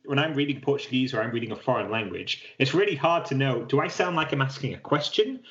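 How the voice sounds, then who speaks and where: A man's voice: mid-range voice, lively intonation, fast talker, fairly bright tone. Self-deprecating British man, lo-fi. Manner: self-deprecating, rambling with restarts. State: keeps clearing his throat. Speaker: podcast co-host. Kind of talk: casual chat. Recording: slightly dull lo-fi sound.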